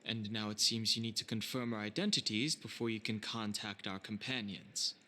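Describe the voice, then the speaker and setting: Man playing a calm companion, low, bright tone, faint music. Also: moderate pace, a little hiss or hum. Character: calm, reserved young male companion.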